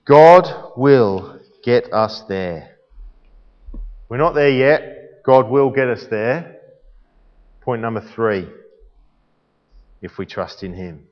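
A male preacher gives a sermon in an unhurried, very animated voice with a slightly raised pitch. He teases and quizzes his listeners. The sound is dull and carries long hall reverb. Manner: animated, playful, quizzes the congregation.

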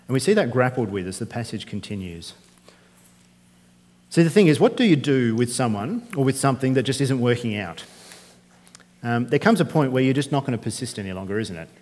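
Pastor preaching in a reverberant hall. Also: male voice, mid-range voice, animated, a little fast, a little mellow. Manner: conversational preaching, rhetorical tag questions. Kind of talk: sermon. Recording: long reverb of a church hall.

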